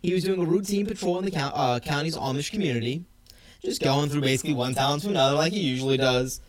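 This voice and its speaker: A man co-hosting a podcast who tells stories with animated energy. He laughs often and talks casually, and his voice sits a touch high for a man. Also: fast. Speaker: podcast co-host.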